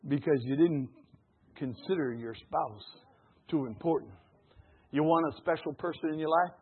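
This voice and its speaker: Folksy preacher, husky and high. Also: male voice, normal speed. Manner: folksy, animated, calls for audience responses, laughs often. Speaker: pastor. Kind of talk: sermon. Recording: phone-like narrow band.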